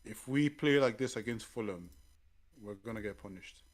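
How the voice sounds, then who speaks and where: A man in a casual football chat, relaxed and filler-heavy. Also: fairly low pitch, normal speed. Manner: casual, lots of "like" and "kinda".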